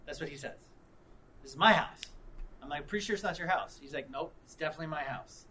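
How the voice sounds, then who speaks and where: A man preaching, mixing reflection with an animated story in which he acts out the people involved. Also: fairly high pitch, rapid-fire, a little hiss or hum. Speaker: pastor. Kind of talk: sermon with storytelling.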